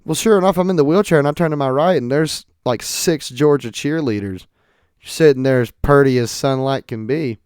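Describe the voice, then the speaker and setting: A young man telling stories in an animated way on a casual podcast monologue. He swings between loud outbursts and quiet asides. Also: medium pitch, moderate pace, clean tone, no room sound, clean studio sound. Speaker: podcast host.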